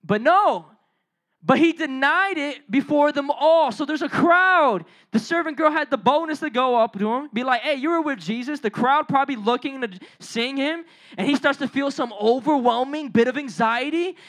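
High-voiced preacher telling a Bible story in slang. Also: moderate pace, a bit bright. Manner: slangy, storytelling, acts out the biblical characters' lines in dialogue; asks the audience questions and addresses them directly. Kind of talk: casual conversational sermon.

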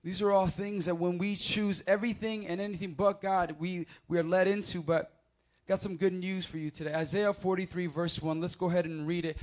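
A man preaching a sermon, swinging from loud emphatic scripture readings to quiet, casual storytelling. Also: fairly even intonation, a little fast. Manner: builds to loud emphatic proclamations, then drops low for anecdotes.

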